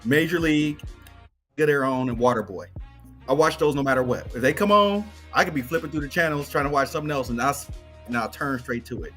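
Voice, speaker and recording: A man's voice: medium pitch, lively intonation, quick pace, fairly bright tone. A man co-hosting a sports show, rambling casually with many restarts as he talks about the movies he loves. Music plays faintly underneath. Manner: rambling, full of restarts, laughs easily.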